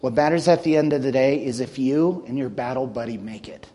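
A man's voice: medium pitch, brisk, dark tone. A man in his thirties giving an earnest, casual talk to a church group, speaking directly to the young men and getting emotional.

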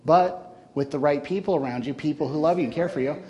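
A man in his thirties talks to his church group in an earnest, casual way. His voice sits a little higher than most men's. He speaks plainly and warmly to the young men in front of him, and his feeling shows through. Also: quick pace. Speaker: church member giving a farewell talk. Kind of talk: informal church talk.

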